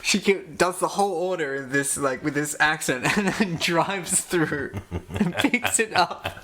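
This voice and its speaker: A man's voice: on the high side, a little slow, bright, forceful tone, slight background noise. A man telling a self-mocking story in casual podcast chat, laughing as he talks. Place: studio.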